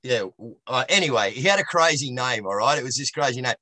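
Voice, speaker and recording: A man telling a blunt anecdote in an animated way during an interview. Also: medium pitch, fast, dry recording. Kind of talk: interview discussion.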